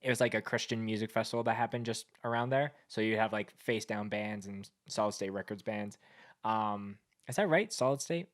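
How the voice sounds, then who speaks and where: A man's voice: on the low side, fairly quick. A man from Canada hosting a podcast, telling stories in a loose, rambling way full of "like" and "um". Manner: rambling, filler-heavy storytelling with frequent laughs. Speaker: podcast host. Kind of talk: casual chat.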